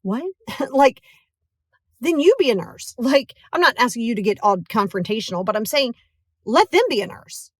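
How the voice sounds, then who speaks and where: A woman with a fairly high voice hosts a motivational podcast in a relaxed, chatty way. She keeps checking in with "right?" and acts out other people's voices. The sound is dry and close to the mic. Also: normal speed, husky, dry recording. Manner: animated, acts out quoted voices; casual, filler-heavy, checks in with "right?". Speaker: podcast host.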